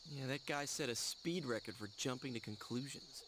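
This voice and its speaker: A man's voice: medium pitch, normal speed, noisy background, natural voice. A man voicing a sarcastic, teasing teenage boy who cracks jokes, in video game dialogue. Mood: wry. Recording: game dialogue over loud music. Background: game music.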